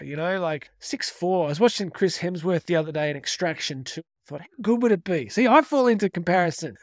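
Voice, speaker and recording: Middle-aged guy doing a punchy motivational talk, repeats stuff for emphasis, voice a bit high. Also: dry recording, studio quality. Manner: energetic, emphatic, repeats key phrases. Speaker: motivational speaker. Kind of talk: direct-to-camera motivational talk.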